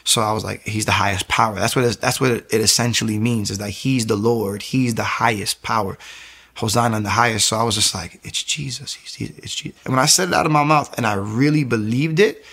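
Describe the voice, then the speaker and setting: Gravelly young man telling his story. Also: fairly low pitch, quick pace. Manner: animated, acts out quoted voices. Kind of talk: personal testimony, casual storytelling.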